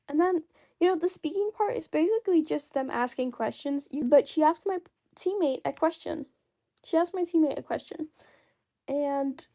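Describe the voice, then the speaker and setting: High-voiced woman telling a lively story. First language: not English. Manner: animated, self-mocking, laughs often. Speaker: storytime animator. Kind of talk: casual storytelling narration.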